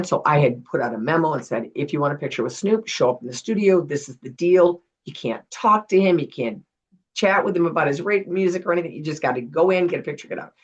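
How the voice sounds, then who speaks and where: A middle-aged woman, a retired television producer, telling animated stories as a guest in a casual interview. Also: low-pitched, slightly rough, lo-fi sound. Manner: animated storyteller acting out quotes.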